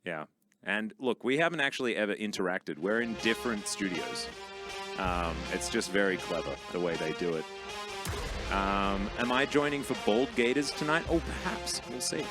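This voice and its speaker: A man's voice: fairly low pitch, music in the background. A male esports caster in casual, joking broadcast banter with his co-caster. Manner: playful, joking, quick to laugh.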